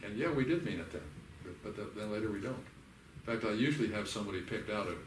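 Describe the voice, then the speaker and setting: An older man leading a church workshop. He teaches in a folksy, animated way and acts out the voices of the people he quotes. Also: lowish voice, fast talker, a little hiss or hum. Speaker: workshop leader. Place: church hall. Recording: echoey hall recorded from a distance.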